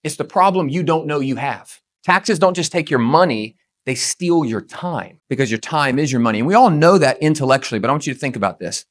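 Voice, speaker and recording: A man giving a motivational presentation on real estate tax strategy, with a punchy, emphatic, rapid-fire delivery. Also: on the high side, lively intonation.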